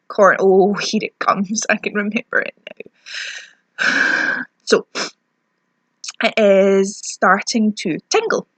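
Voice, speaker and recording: A woman's voice: medium pitch, breathy edge, no room sound. Ranting Scottish woman, dry close sound. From Scotland. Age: young adult. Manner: ranting, self-mocking, chatty. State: lips stinging. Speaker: beauty vlogger. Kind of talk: product review vlog.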